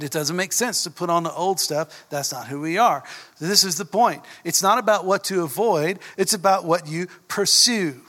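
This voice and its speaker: In the reverberant hall of a church, a middle-aged Southern pastor delivers his sermon with earnest conviction and frequent questions to the flock. He speaks on the high side with a sharp edge.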